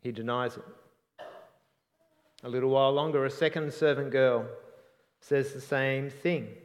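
A man preaching a sermon in an earnest, reflective way, often trailing off softly at the ends of phrases. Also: medium pitch, steady tone, a little slow, big-room sound.

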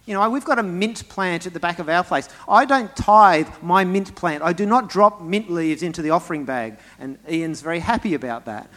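Emphatic preacher, slightly high voice. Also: male voice, normal speed, hardly any pauses. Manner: emphatic, swinging between loud stresses and quiet asides; speaks to the congregation directly with rhetorical questions. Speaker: pastor. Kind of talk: sermon.

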